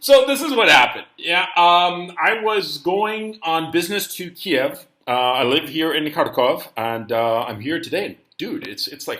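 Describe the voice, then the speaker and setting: A man's voice: fairly high pitch, pushed and bright. A man hosting his own channel, telling a story in a loose, rambling, conversational way from indoors. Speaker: channel host. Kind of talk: casual storytelling monologue. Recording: roomy echo.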